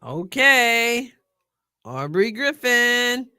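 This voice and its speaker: A middle-aged woman hosting a live stream, chatting casually and excitedly as she reacts to a sports draft and answers her viewers. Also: on the high side, extremely slow, clean tone, no room sound, clean studio sound. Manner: chatty and excitable, thinking aloud and talking to chat viewers.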